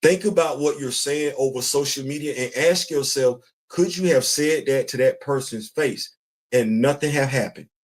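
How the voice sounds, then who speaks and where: A man's voice: mid-range voice, moderate pace. A man hosting a casual commentary show, talking bluntly and emphatically, repeating his points. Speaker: podcast host.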